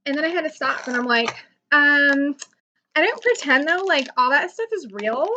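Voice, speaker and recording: A woman's voice: high voice, expressive, moderate pace, sharp tone, highs cut off, a little hiss or hum. A young woman playing a ditzy, self-absorbed valley-girl YouTuber in a comic monologue, rambling and saying "like" constantly. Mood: chatty, indignant. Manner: says "like" constantly, gossipy rambling. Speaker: comedy channel host.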